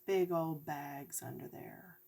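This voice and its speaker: A woman's voice: low voice, slow, creaky, dark tone. A woman giving a chatty coloring lesson, talking directly to her viewers. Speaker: coloring tutorial host.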